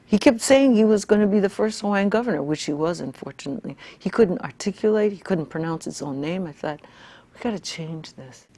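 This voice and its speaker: A woman's voice: mid-range voice, lively intonation, fast, few pauses, mellow. An older woman in an interview, talking bluntly and emphatically, building to fiery outbursts. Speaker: interviewee, activist and scholar. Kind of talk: reflective interview talk.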